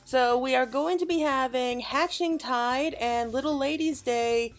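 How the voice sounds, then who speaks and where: Upbeat, high-voiced woman game host. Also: unhurried, faint music behind. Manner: chatty, upbeat, thinks aloud with fillers. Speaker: gaming channel host. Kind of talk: casual gameplay commentary.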